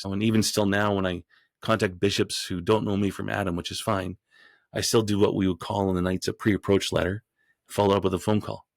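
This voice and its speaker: Low, gravelly man telling stories. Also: steady tone, brisk, no echo, studio quality. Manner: rambling, with frequent restarts. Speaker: podcast guest. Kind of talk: storytelling in an interview.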